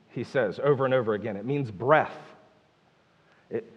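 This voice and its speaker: A man's voice: medium pitch, moderate pace, husky, big-room sound, lo-fi sound. A man preaching a sermon, emphatic and full of rhetorical questions. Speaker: pastor.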